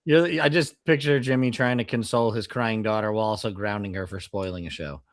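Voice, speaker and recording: A man's voice: fairly low pitch, fairly quick, dry recording, clean studio sound. A man co-hosting a podcast, chiming in with wry jokes. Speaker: podcast co-host. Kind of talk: casual chat.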